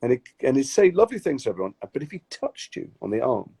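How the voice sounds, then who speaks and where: A man telling animated stories in casual chat on a live video stream, acting out the people he quotes. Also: mid-range voice, fast talker, creaky, husky. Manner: animated storyteller, acts out quoted voices. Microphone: phone or webcam on a live video call.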